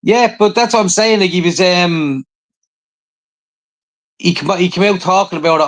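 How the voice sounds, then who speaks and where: An Irish man with a fairly high voice talks casually on a podcast. He swears freely and tells his stories in an animated way. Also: normal speed, long pauses, low-quality recording. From Ireland. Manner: swears often, animated storytelling. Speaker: podcast co-host. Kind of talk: casual chat.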